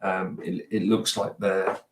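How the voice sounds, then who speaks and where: A man's voice: low-pitched, little pitch movement, slow pace. A man chatting casually as a podcast guest, rambling and hesitant, with many restarts. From United Kingdom. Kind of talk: casual chat. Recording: roomy, distant mic.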